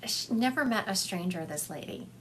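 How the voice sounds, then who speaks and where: A woman's voice: mid-range voice, animated, moderate pace, a little hiss or hum. Chatty woman doing a psychic livestream. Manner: chatty and affectionate, calls listeners honey, laughs often. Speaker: psychic medium. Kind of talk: livestream reading for viewers. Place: at home. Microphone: phone livestream.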